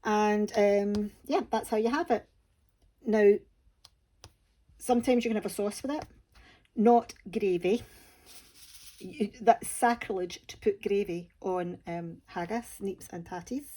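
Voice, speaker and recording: Slow, mellow Scottish woman chatting. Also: mid-range voice. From Scotland. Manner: chatty, homely, self-deprecating humour. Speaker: crafting channel host. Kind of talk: casual chat to camera.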